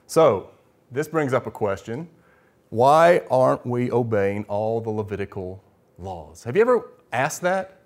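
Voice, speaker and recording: A man's voice: medium pitch, lively intonation, measured pace. A man preaching a teaching sermon as pastor, explaining step by step and posing rhetorical questions, with frequent restarts.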